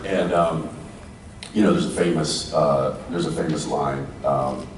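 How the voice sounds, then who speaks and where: A man with a very deep voice tells stories on a convention stage. He sounds unhurried and reflective, often trailing off and then starting again. It was taped from the audience, so he sounds far off in a big echoing hall with a low hum of people behind him. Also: steady tone. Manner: thoughtful, unhurried, trails off and restarts. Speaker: actor on a convention panel. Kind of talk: reflective storytelling to a live audience. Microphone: handheld mic, recorded from the audience. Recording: distant echoey hall audience recording.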